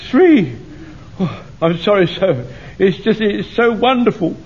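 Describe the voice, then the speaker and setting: An actor playing an elderly, fussy butcher serving as a lance corporal, gushing and eager in a 1970s radio sitcom. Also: male voice, high-pitched, sing-song, unhurried. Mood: overjoyed. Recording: dull old radio recording with faint hiss.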